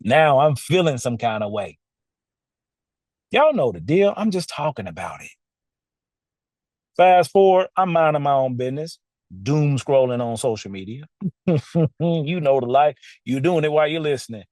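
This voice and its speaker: A man's voice: fairly high pitch, big pitch swings, normal speed, pauses often, a little mellow, no echo. A man hosting a podcast, telling a story casually and animatedly, laughing often and talking straight to his listeners from a studio. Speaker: podcast host.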